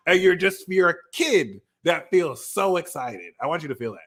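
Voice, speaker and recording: Animated man giving a casual tarot reading. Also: mid-range voice, measured pace. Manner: animated, talks straight to viewers with slangy asides. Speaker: tarot reader.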